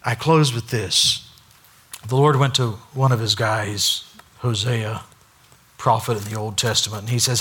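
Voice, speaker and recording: A male pastor preaching a sermon, swinging between loud, acted-out dialogue and hushed asides. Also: medium pitch, moderate pace, husky.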